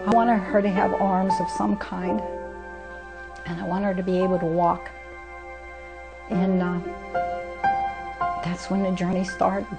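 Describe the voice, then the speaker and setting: An older foster mother tells her story for a documentary in folksy grammar, acting out the conversations in a homespun style. She speaks a little slowly with a medium-pitched, creaky, level voice and frequent pauses. The audio is poor, with a music bed underneath.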